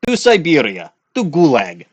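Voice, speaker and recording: A man's voice: a little high, huge pitch swings, normal speed, a little hiss or hum, voice pushed up. A man doing a blustering Russian-accented villain. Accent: Russian (put on). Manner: loud, gloating, calls everyone comrade. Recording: faint music behind.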